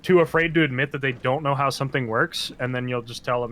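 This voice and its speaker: A man chatting casually with friends while playing an online game, animated and quick to swear and laugh. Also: medium pitch. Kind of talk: casual gaming chat.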